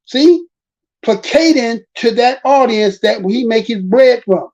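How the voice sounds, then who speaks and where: Animated, profane American woman ranting. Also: on the high side, slow pace, lo-fi sound. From United States. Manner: animated, profane, repeats and drawls key words. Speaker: commentary channel host. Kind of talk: casual ranting commentary.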